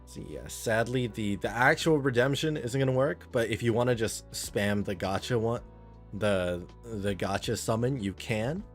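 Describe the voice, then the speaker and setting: A man's voice: lowish voice, normal speed, soft background music. A man streaming a game live, chatting casually with viewers in a rambling, friendly way and reading chat aloud.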